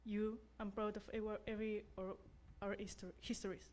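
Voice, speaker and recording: A woman's voice: medium pitch, little pitch movement, brisk, darkish tone. A young woman who is not a native English speaker, giving an earnest, self-deprecating graduation speech as class representative.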